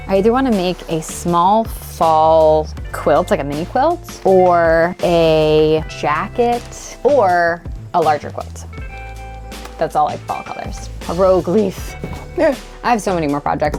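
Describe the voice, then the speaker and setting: A woman's voice: sits low, a little mellow. A woman artist hosting a casual, rambling tour of her tiny-house studio, chatting with lots of filler words. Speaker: artist and channel host. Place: small tiny-house art studio, indoors.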